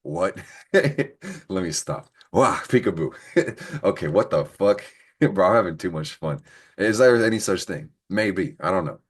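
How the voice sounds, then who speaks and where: The young man's voice is low with a breathy edge and moves at a normal speed as he hosts a laid-back weekly astrology talk, full of jokes, swearing, and laughter, captured by a computer mic on a recorded screen call.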